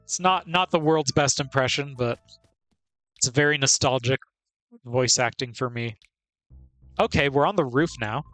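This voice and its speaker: A man's voice: medium pitch, a little slow, pauses often, fairly bright tone, dry recording, soft background music. A man streaming a video game, chatting casually and playfully and laughing often. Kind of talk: casual gameplay commentary.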